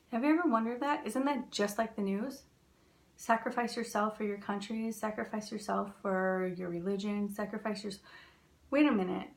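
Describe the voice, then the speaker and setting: A spiritual teacher from the United States, a woman with a mid-range voice that has a gravelly, creaky edge. She talks in a loose, chatty way, piling up questions and fillers as she tells stories. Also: medium pitch. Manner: chatty, animated storytelling with filler words. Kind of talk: casual spiritual talk.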